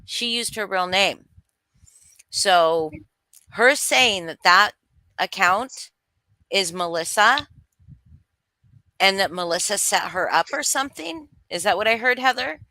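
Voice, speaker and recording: Livestream host, woman, forceful bright tone, close dry sound, blunt and profane. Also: mid-range voice, lively intonation, slow pace, long pauses, dry recording. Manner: blunt, swearing, greeting chat viewers. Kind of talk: heated livestream commentary.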